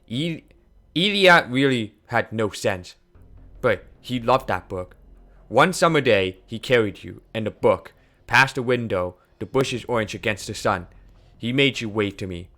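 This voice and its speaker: A man reading a game aloud, voicing an older male scientist mentor who speaks in a quiet, measured, sorrowful way. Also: medium pitch, animated. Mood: reminiscing.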